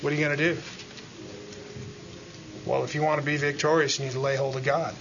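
A man preaching a sermon as pastor, dropping to quiet asides and then climbing into loud, rising pleas, often calling out "Amen?" to the congregation. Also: fairly high pitch, level tone, a little fast, muffled recording, noisy background.

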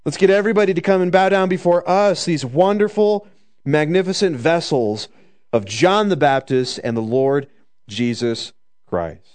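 A man's voice: fairly high pitch, lively intonation, moderate pace, darkish tone, voice pushed up, natural voice. A man putting on the voice of a giddy, boastful young pregnant woman, gushing and bragging.

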